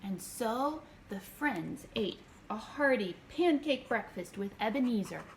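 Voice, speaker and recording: Woman narrator, storybook read-aloud, lively unhurried telling, faint hiss. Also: fairly high pitch. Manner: expressive, gentle, unhurried. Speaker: picture book author reading aloud.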